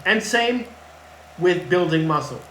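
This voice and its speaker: A man's voice: high-pitched, animated, slow, a bit bright, a little hiss or hum. A man working as a fitness coach gives casual advice to camera in a blunt, emphatic way and repeats his key points. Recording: echoey room with faint ambience.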